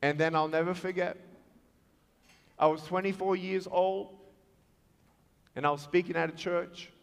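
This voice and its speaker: Lively guy preaching to students, high voice, big reverby hall. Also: a little slow, gravelly, smooth. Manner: animated, acts out voices in his stories. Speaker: motivational speaker. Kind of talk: storytelling speech to students. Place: large school hall.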